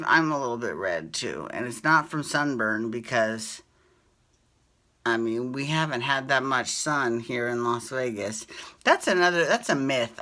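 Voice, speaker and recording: A chatty woman with a low yet bright, forward voice, recapping reality television in a loose, casual way. She laughs often and swears freely as she talks. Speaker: podcast host recapping reality TV. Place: Las Vegas.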